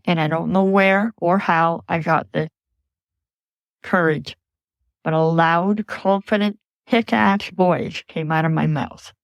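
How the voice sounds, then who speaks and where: A woman earnestly recounting a frightening personal memory as a podcast guest, in a measured storytelling voice. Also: fairly low pitch, no echo.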